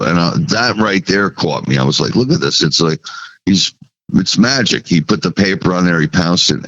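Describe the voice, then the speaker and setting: Deep-voiced man telling a story, dull recording. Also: a bit bright. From New Jersey. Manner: recounts memories, acting out quoted dialogue. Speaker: podcast guest, sign painter. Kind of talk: casual storytelling.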